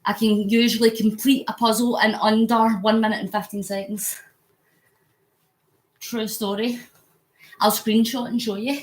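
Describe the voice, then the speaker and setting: In an echoey room at home, a Scottish woman pedals an exercise bike while live-streaming a charity cycle on her phone, chatting casually, reading out comments and getting sweaty. Her fairly high voice keeps a level tone at a measured pace, and she pauses often.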